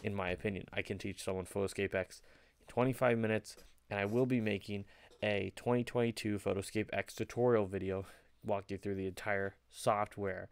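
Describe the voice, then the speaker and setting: Young man, casual vlog talk, deep-ish voice, gravelly fry, dry close sound. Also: steady tone, brisk, no echo. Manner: conversational, rambling, many fillers. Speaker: photo editing video creator.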